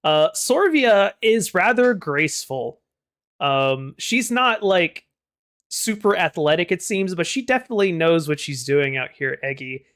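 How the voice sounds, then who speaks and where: A man running a live tabletop game, narrating scenes in a relaxed, descriptive way with some filler words. His voice is smooth and clear, and it sits a little high for a man. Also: a little slow. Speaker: game master.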